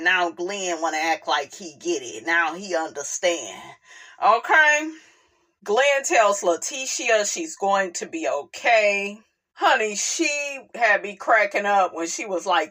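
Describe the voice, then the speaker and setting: A woman hosting a casual reality TV recap, talking with sass, drawn-out words and frequent exclamations. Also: medium pitch. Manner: sassy, animated, drawls and exclaims.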